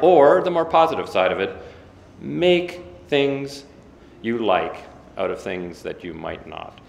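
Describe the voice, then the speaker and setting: Guy in his 50s telling a story at a dinner, gravelly, big echoey hall. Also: on the low side, lively intonation. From Ontario, Canada. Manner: self-deprecating, halting with many fillers. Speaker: guest speaker. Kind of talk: after-dinner storytelling speech. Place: banquet hall. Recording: echoey banquet hall with faint room noise.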